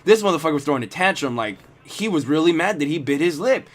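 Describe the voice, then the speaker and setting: A man's voice: a little high, expressive, quick pace. A man telling a story casually over gameplay, rambling and swearing a lot. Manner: rambling, heavily profane. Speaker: gaming video host.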